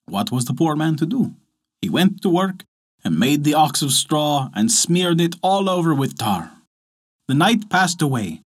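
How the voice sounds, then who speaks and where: A man narrating a folk tale as storyteller, lively and expressive. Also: fairly high pitch. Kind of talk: scripted narration.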